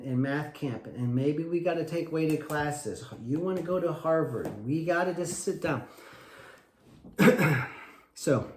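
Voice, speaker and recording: A man's voice: on the high side, a little mellow, echoey room, a little hiss or hum. A man, a wrestling coach, giving emphatic advice and acting out short parent talks. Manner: acts out little parent dialogues, emphatic and repetitive. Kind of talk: animated coaching talk.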